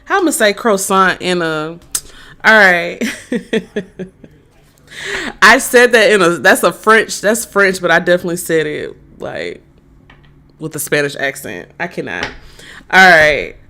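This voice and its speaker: A woman doing a live-streamed tarot reading, talking slowly with many fillers and answering chat messages. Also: lowish voice, animated, pushed and bright. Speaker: tarot reader.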